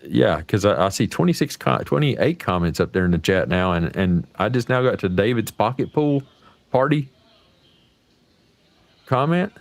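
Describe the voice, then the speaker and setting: An American man with a fairly low, creaky voice hosts a livestream, chatting in a folksy, salty way that rambles from point to point. He's very animated and speaks at normal speed. The sound is dry and close, with no room echo.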